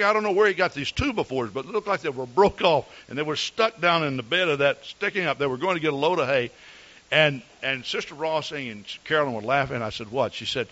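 A pastor preaching in a folksy, earnest storytelling manner, his voice on the higher side for a man and animated, rising and falling as he tells his tales. The recording is slightly dull and lo-fi. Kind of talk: sermon with personal stories.

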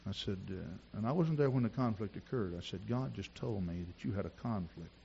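A man preaching a sermon in a church, telling personal stories and rising to shouts at the climax. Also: lowish voice, expressive, brisk, creaky, lo-fi sound, a little hiss or hum. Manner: storytelling preacher who builds to shouting.

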